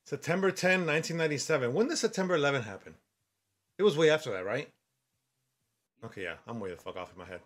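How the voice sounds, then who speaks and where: Man, forties, gaming streamer: joking, swearing, very lively delivery. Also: fairly high pitch, fast talker, pauses often. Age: 40s. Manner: joking, loud and swearing, talks to characters on screen. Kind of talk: gameplay commentary.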